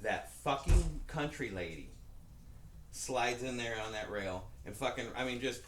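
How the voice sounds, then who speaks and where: A man co-hosting a podcast, telling a long, rambling story in a casual, profane, animated way. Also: medium pitch, a little slow. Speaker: podcast co-host. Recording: roomy echo with faint background noise.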